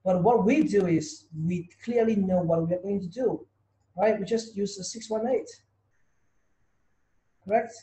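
A man teaches an online trading webinar in a warm, high-pitched voice, a little slow with long pauses. He repeats himself and poses rhetorical questions to his students, and the recording has a roomy echo.

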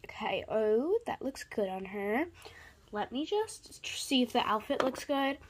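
A young girl unboxing a birthday toy in a casual vlog, gushing with excitement and using trendy slang. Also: fairly high pitch, moderate pace, a little hiss or hum.

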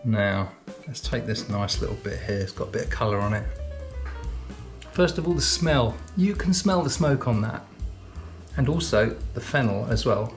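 A man's voice: mid-range voice, lively intonation, moderate pace, over music. Enthusiastic man tasting food. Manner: enthusiastic, chatty, talking while eating. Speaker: cookery teacher. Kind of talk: casual tasting chat to camera.

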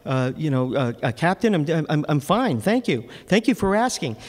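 A man's voice: on the high side, sing-song, normal speed, in a large hall. A man doing a stammering, defensive suspect. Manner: flustered, stammering denials.

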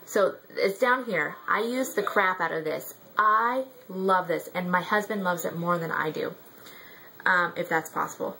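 A woman's voice: on the low side, measured pace, creaky, pushed and bright, slight background noise, poor audio. A young woman chatting casually in a product review vlog, rambling with many ums and likes. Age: young adult.

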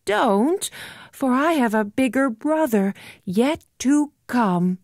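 A woman's voice: high voice, lively intonation, slow, darkish tone, no echo, clean studio sound, voice pushed up, heavily acted. A woman voicing a small young billy goat who sings a lilting chant in a raised voice. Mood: pleading.

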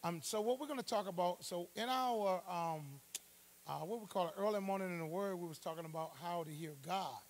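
A man preaching a Bible study sermon in church, calling out to the congregation for responses and swelling to loud emphasis. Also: high voice, fairly quick. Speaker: pastor.

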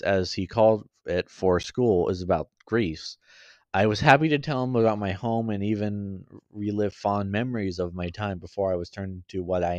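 A man reading a fan story aloud, halting and often stumbling and correcting himself. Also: lowish voice, no room sound. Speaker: story reader.

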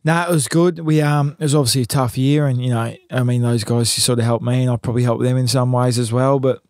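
A man's voice: medium pitch, steady tone, fast talker, a little mellow, dry recording, studio quality. An Australian man, a football player, answering in a laid-back, hesitant way with many fillers. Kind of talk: casual interview chat.

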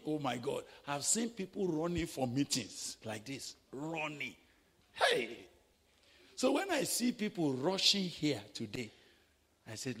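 A Nigerian man preaches in a sermon full of stories, his slightly raised voice husky at the edges. He acts out the people he quotes, dropping low and then climbing to a shout. The sound rings with the long echo of a large hall. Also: big pitch swings, moderate pace. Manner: dramatic, acting out quoted voices, swinging from hushed to shouting. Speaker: pastor. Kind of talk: sermon with storytelling.

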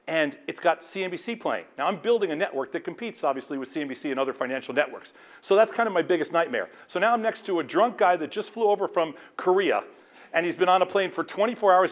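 Animated man telling a story on stage. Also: fairly high pitch. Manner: animated storyteller acting out quotes. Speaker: host. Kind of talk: anecdote told on stage.

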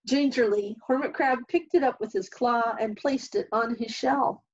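A woman reading a children's picture book aloud as a storyteller, at a calm, even pace. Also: fairly high pitch, moderate pace, slightly rough, muffled recording.

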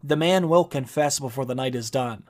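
A man reading aloud the part of a gentle-sounding but sinister male court torturer, soft and calm. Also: mid-range voice, normal speed, natural voice.

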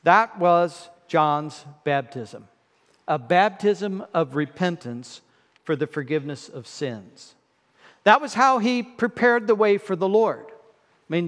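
A man's voice: high voice, a bit bright. A middle-aged man preaching a sermon in a church, conversational and wry, with filler words. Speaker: guest preacher. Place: church sanctuary. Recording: long reverb in a church hall.

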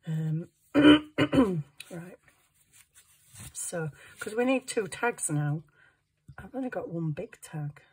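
A woman's voice: on the low side, very animated, drawn-out words, long pauses, a little mellow, breathy edge. A woman making a junk journal, chatting to herself as she works. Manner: chatty, talks to herself while working. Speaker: crafting vlogger. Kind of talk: casual crafting chat.

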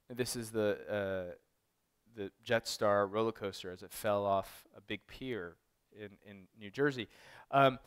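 A man's voice: mid-range voice, fairly bright tone, clear, resonant tone. Man telling rambling stories at a talk. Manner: rambling storyteller, many "like"s and restarts. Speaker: photographer giving an artist talk. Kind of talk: casual anecdotal presentation. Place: art gallery talk.

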